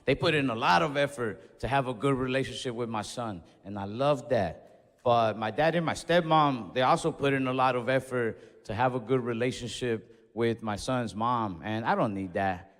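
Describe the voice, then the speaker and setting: A young man doing a stand-up comedy set, telling stories in a laid-back, deadpan way with quick asides. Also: medium pitch. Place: comedy club stage. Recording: reverberant club hall with faint crowd noise.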